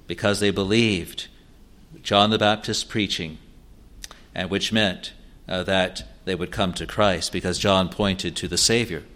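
A man delivers an expository sermon in an earnest, measured way. He poses rhetorical questions and then answers them himself. Now and then he halts and restarts a phrase. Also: lowish voice, a bit bright. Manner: halting at times, with restarts. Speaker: preacher.

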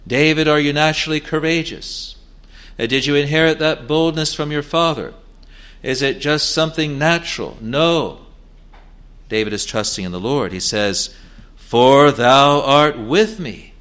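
A man preaching a sermon in an earnest, halting way, with many fillers and restarts, rising to emphatic declarations. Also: fairly high pitch, a bit bright, clean tone.

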